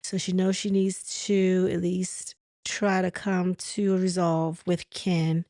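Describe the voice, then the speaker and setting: A woman's voice: on the low side, flat delivery, slow pace, dark tone, dry recording, studio quality. A woman hosting a casual reality TV recap, retelling scenes in a chatty way with lots of "he said, she said.".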